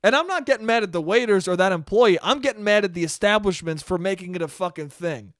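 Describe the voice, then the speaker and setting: Profane ranting man, high-pitched, dry sound. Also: fast talker, no echo. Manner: profane, exasperated ranting with sudden loud spikes. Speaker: podcast host. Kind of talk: solo ranting podcast monologue.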